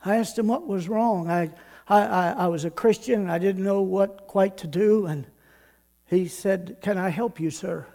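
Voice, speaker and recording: An older man preaching a sermon, building to loud emphatic repetition and then dropping to quiet storytelling. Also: sits high, fairly even intonation, unhurried. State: out of breath.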